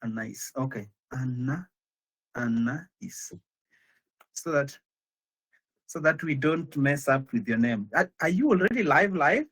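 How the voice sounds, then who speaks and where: Hesitant man with a husky voice on a video call. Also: fairly high pitch, sing-song, a bit bright. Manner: hesitant, halting, with frequent restarts. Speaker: guest speaker. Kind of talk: casual pre-show chat.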